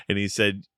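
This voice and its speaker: A man's voice: sharp tone, no room sound, studio quality. A man co-hosting a podcast, recapping a film plot in a wry, joking way. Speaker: podcast co-host. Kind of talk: casual film discussion.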